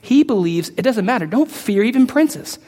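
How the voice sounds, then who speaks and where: A man preaching a sermon as pastor, talking casually to his congregation and building to loud, emphatic peaks. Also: high voice, animated, moderate pace. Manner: conversational asides to the congregation. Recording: long reverb of a large hall.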